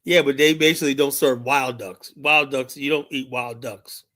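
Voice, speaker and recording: A man's voice: mid-range voice, fairly even intonation, moderate pace, pushed and bright. A man hosting a live stream, rambling in casual chat and telling stories full of fillers. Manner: rambling, storytelling, lots of fillers like "and whatnot". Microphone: streaming mic.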